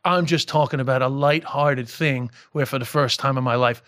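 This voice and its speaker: A comedian from Queens with a strong New York accent, talking casually on a podcast, animated and swearing freely. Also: medium pitch, normal speed, no echo, studio quality. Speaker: comedian guest.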